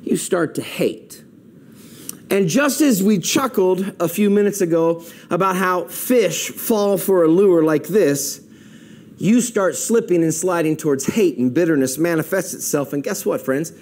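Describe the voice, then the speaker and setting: Animated high-voiced male pastor preaching. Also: moderate pace. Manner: animated, conversational preaching with object lessons. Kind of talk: sermon. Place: church, streamed online.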